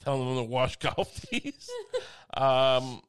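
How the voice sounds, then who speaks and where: A man's voice: mid-range voice, expressive, slow pace, clean tone. A man in casual comedic conversation, rambling through half-finished thoughts and laughing at himself. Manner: rambling, self-mocking, lots of restarts.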